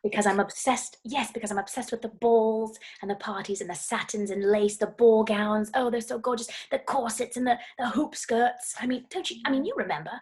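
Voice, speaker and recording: Woman, co-host, casual giggly chat on a video call, slightly high voice. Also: fairly even intonation, brisk, hardly any pauses, darkish tone. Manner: playful, giggly, chatty.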